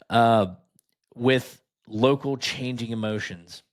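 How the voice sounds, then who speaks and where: Speaking at a measured pace, a man with a low-side, somewhat bright voice hosts a podcast. He reads items and riffs on them, his commentary full of sarcastic, mocking asides.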